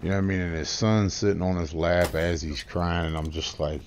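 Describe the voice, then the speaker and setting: A man's voice: deep voice, fairly even intonation, fairly quick, few pauses. A man telling a comedic, trash-talking story as a guest youtuber, brash and crude.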